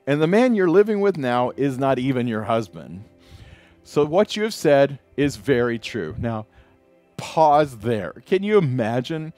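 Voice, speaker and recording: A man's voice: mid-range voice, sing-song, unhurried, a little mellow, no room sound, soft background music. A man, a pastor, preaching a casual sermon, retelling scripture in everyday words with voiced asides.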